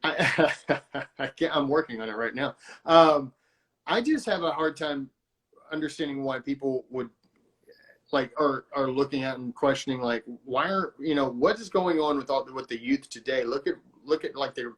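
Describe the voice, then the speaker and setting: A man hosting a podcast conversation, talking in a halting way with many restarts and self-corrections. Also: mid-range voice, a bit bright. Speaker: host.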